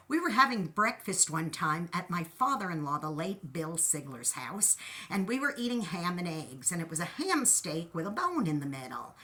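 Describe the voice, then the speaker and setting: A woman host giving an animated, encouraging talk, telling stories and playfully acting out quotes. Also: medium pitch. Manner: animated, storytelling with playful voices. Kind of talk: inspirational talk.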